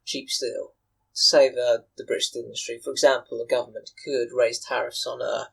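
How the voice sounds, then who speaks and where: With a medium-pitched, creaky, slightly rough voice and little pitch movement, a young British podcast co-host chats fairly quickly with friends. He explains at length, full of ums and uhs, and the audio quality is low.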